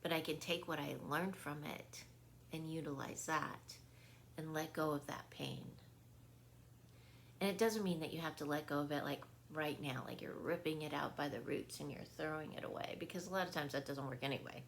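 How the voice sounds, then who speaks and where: A woman's voice: sits low, steady tone, normal speed, vocal fry, slight background noise. A woman speaking as a wellness coach in an earnest, casual spiritual talk, often checking in with her listeners and laughing easily. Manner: earnest, repetitive, checks in with "right?".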